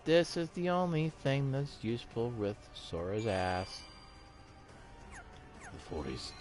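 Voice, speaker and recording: A man's voice: mid-range voice, very animated, takes it slowly, music in the background. Profane, ranting gameplay commentator man. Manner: crude, profane ranting at the game; mock-dramatic, sometimes sing-song. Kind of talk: let's play commentary.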